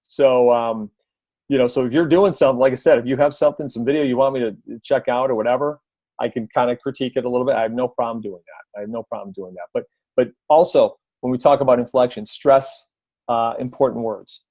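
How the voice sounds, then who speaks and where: Talking fast at a medium pitch, this man chats through video advice for his team, stumbling over fillers and restarting sentences. At one point he puts on a booming announcer voice for a moment, and there's no echo.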